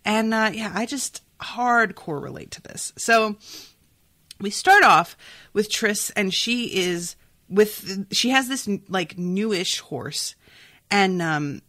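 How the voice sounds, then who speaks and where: A woman's voice: medium pitch, lively intonation, slow, bright, forceful tone, no echo. A sniffly young woman hosting a podcast, chatting casually about a book and often saying "like" and "um". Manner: chatty, full of "like" and "um". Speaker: podcast host.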